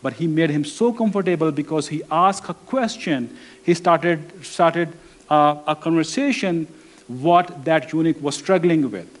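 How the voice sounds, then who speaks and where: A man preaching a sermon and telling a personal story, conversational and halting, with restarts and non-native grammar. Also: a little high.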